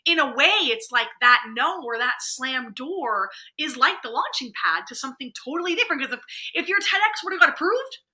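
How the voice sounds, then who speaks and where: A woman speaking as a podcast guest, animated and conversational, acting out inner voices as she talks. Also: high-pitched, a little fast, few pauses, low-quality recording. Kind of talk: conversational interview.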